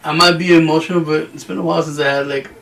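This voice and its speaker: A man's voice: on the high side, fairly even intonation, very fast, gravelly, recorded from a distance, noisy background. A man on a podcast talking bluntly in casual chat and swearing freely. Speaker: podcast co-host.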